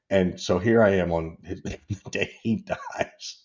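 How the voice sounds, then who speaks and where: A man's voice: low voice, normal speed, a little mellow, highs cut off. A man in his fifties, a podcast guest, telling personal stories in a rambling, candid way and laughing through them. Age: 50s. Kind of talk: casual interview storytelling.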